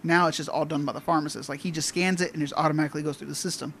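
A man casually telling a funny work story to friends, animated and laughing often. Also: fairly high pitch, rapid-fire, creaky, a little hiss or hum. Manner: animated, acts out callers' voices, laughs often.

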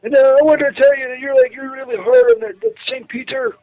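A man voicing a rambling, tipsy Saint Patrick in a halting, slurred voicemail. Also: very high-pitched, very animated, creaky, dull audio, exaggerated voice.

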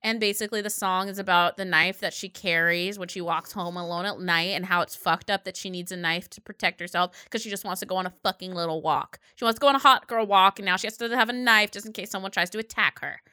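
A woman in her late twenties co-hosting a podcast, chatting casually with lots of swearing and animated storytelling. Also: mid-range voice, quick pace, few pauses, clean tone, no room sound, studio quality. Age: late 20s. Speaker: podcast co-host. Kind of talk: casual chat.

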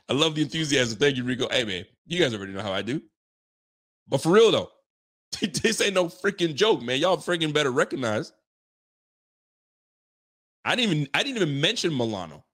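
Hyped-up guy on a sports stream, swearing, laughing a lot, voice jumps all over. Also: fairly high pitch. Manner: excitable, swears, laughs often, fast slangy talk. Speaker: live-stream sports talk host. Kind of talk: casual live-stream chat reading viewer comments.

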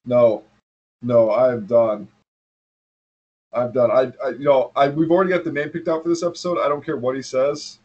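Husky guy shooting the breeze on a podcast, swears a lot, laughs easy. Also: mid-range voice, fairly even intonation, dull audio. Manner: loose, swearing, quick to laugh. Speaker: podcast co-host. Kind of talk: casual chat.

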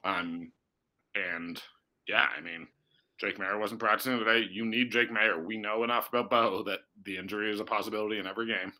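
A man's voice: on the low side, fairly even intonation, fairly quick, pushed and bright, poor audio. A man who works as a sports reporter, chatting casually about football and thinking aloud with fillers and restarts.

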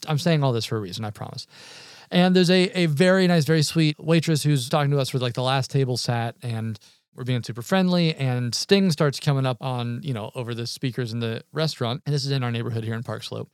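A man chats with bandmates on a podcast and launches into lively anecdotes, playing every person in the story as he goes. His voice sits in a middling register, and the dry, close sound of the room keeps every word near. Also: medium pitch, fairly quick, clean tone, dry recording. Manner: animated storyteller, acts out quoted voices. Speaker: podcast host, musician. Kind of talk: casual chat.

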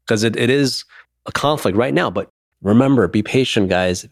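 A man's voice: mid-range voice, moderate pace, vocal fry, dry recording, clean studio sound. A man in his thirties, co-hosting a podcast, talking openly and emotionally in casual chat and swearing now and then. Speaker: podcast co-host.

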